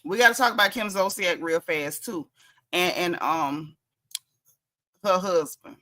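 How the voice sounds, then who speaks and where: A woman's voice: fairly low pitch, a little slow, sharp tone. A woman hosting a casual gossip commentary show, chatty and sassy, laughing and reading blog posts aloud with her own asides. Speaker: host.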